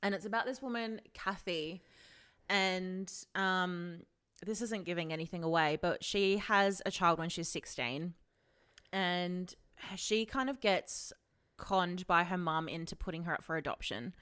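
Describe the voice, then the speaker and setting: A woman's voice: on the low side, a little slow, fairly bright tone, clear, resonant tone. A woman co-hosting a podcast, retelling a documentary in casual chat, full of "like" and swearing. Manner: chatty, retells a story with lots of "like" and swearing. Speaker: podcast co-host.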